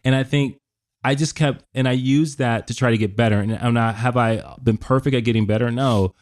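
A man's voice: mid-range voice, a little fast. A middle-aged man co-hosting a podcast, talking reflectively in long, winding sentences with frequent restarts. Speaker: podcast co-host. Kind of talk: casual podcast conversation.

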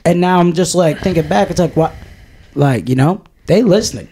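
A man's voice: on the high side, moderate pace, warm tone, breathy edge. A man with a slightly raised voice rambles through a casual podcast chat. He is blunt and profane and wanders between thoughts as he talks. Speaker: podcast co-host.

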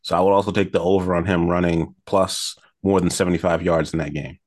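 A man's voice: low-pitched, little pitch movement, a little fast, darkish tone, dry recording, studio quality. A man co-hosting a sports betting podcast, giving confident, analytical football picks in casual talk.

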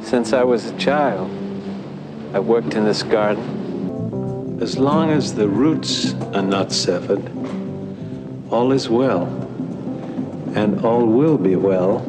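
An actor playing a gentle, simple-minded older gardener in a film clip, speaking slowly and plainly over music. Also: male voice, lowish voice. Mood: serene. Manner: slow, calm, plain-spoken. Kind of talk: film dialogue.

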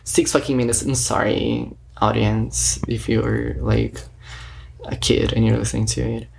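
A man with a creaky, medium-pitched voice speaks a little slowly with little pitch movement, and there's slight background noise. Vlogging to a camera or phone he recorded himself, he tells a story in a rambling, filler-heavy casual monologue, acting out bits of conversations with quoted dialogue.

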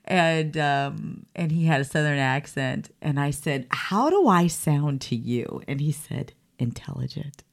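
A playful woman co-hosts a podcast interview. Her voice sits fairly low, yet it swings widely as she tells her stories. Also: measured pace, few pauses, slight background noise. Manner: animated, playful. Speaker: podcast co-host. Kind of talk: casual interview chat.

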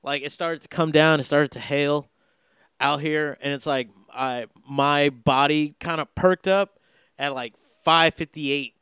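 Rambling profane young man, smooth voice. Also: fairly high pitch, fairly even intonation, measured pace, a bit bright, no room sound, studio quality. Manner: profane, heavy filler words, meandering. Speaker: podcast host. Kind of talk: casual rambling monologue.

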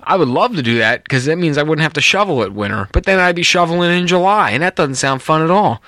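Here a North American podcast co-host talks fast in a voice on the high side, with no echo. The conversation is casual, and he's a rambling storyteller who turns lively mid-tale.

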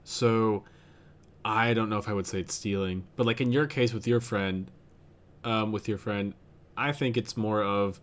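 A man's voice: fairly low pitch, fairly even intonation, a little slow. A man co-hosting a podcast, chatting casually and thinking aloud with lots of fillers and restarts. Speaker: podcast co-host. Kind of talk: casual chat.

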